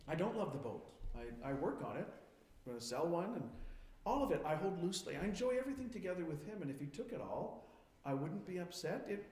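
A man preaching a sermon as a pastor, firing questions at his congregation and moving between quiet reflection and emphatic points. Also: high-pitched, echoey room.

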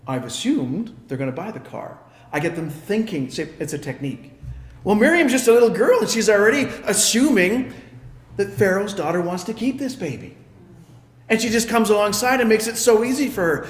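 A man with a high voice delivers a sermon, telling the story in a lively way and slipping into the characters' voices. The sound is roomy, with a clear echo around him. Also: normal speed. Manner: storytelling, acting out the characters' lines. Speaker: preacher.

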